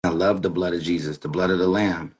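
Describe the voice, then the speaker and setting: A man's voice: low-pitched, steady tone, brisk, darkish tone, slightly rough. A man chatting as a guest on a live stream, rambling and joking, talking in circles. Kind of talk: casual live stream chat.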